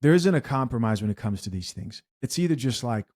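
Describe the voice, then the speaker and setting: A male host giving commentary, calmly reading out viewer comments and adding his own take. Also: medium pitch, a little fast, dry recording, studio quality.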